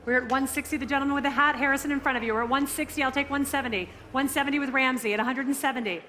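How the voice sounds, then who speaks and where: Bright high-voiced woman auctioneer. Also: fairly even intonation. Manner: brisk bid calling with teasing banter. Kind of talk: live auction calling. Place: auction room with live bidders.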